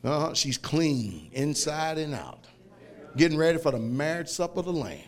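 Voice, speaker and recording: A man preaching a fiery sermon, shouting and laughing as he tells stories. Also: fairly high pitch, normal speed. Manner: loud, shouting, laughing, animated storytelling.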